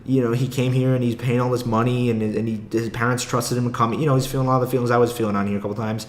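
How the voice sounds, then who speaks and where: A man's voice: mid-range voice, little pitch movement, racing, echoey room. A young man, an aspiring comic, rambling casually and with a lot of swearing in a solo podcast monologue, with frequent laughs. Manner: rambling, profane, laughs often.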